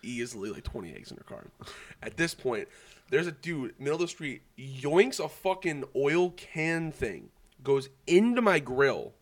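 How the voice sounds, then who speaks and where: Animated young man telling a wild story. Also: medium pitch, unhurried. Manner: animated, swearing storytelling with lots of fillers. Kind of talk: casual chat.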